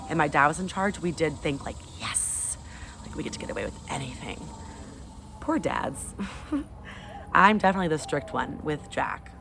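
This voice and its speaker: Reading a storybook to her class, a woman in her thirties who teaches brings expressive, animated energy to the text. She has a low-sitting voice, and there's a little hiss or hum.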